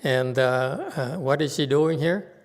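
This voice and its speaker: A man giving an informal Buddhist Dharma talk to his congregation, halting with many fillers and chuckling as he talks through slides. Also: mid-range voice. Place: temple hall. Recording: long hall reverb.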